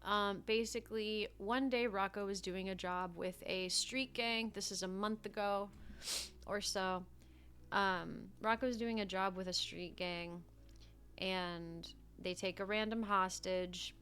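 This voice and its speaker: A young woman livestreamer in casual chat, telling stories in a chatty, animated way and swearing freely. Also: medium pitch, unhurried, slight background noise.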